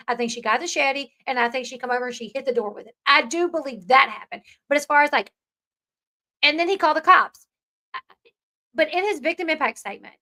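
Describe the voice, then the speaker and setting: A woman's voice: high voice, bright, forceful tone. A woman hosting an opinionated commentary channel, chatty and rambling with many fillers.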